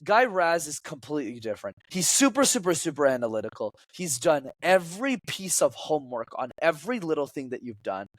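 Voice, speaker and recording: A man's voice: on the high side, a little fast, hardly any pauses, no room sound. A man who coaches public speaking, talking as a podcast guest and acting out quoted lines in changing voices. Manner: animated, acts out quotes in shifting voices.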